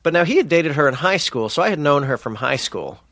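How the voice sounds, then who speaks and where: A man's voice: on the high side, animated, fairly quick, a bit bright, no room sound. A man hosting a podcast, telling stories in a rambling, jokey way that comes in bursts. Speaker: podcast host. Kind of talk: casual chat, storytelling.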